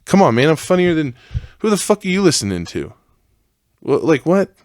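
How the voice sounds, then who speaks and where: A young man hosting a solo podcast, ranting with heavy profanity and a voice that climbs higher as he gets worked up. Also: big pitch swings, moderate pace, darkish tone, no room sound, studio quality. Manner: profane, heated rant that rises in pitch. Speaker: podcast host.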